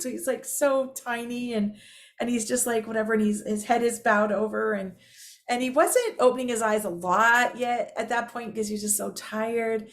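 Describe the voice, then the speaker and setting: Chatty woman with a higher voice. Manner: rambling, with frequent fillers and restarts; laughing while telling the story. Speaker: vlogger. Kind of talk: casual storytelling to camera.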